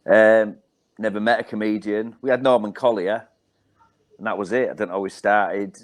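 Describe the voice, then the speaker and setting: A middle-aged comedian from Hull, England, appears as a guest and tells rambling, wry stories full of ums in his Hull accent. His voice is fairly low and steady, and he speaks at a normal speed.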